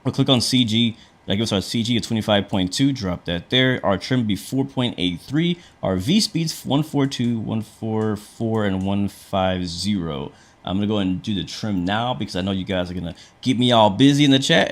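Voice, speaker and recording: Low-voiced man casually streaming a flight sim. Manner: chatty, talks through each step, answers chat; frequent fillers and restarts. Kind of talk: casual livestream commentary.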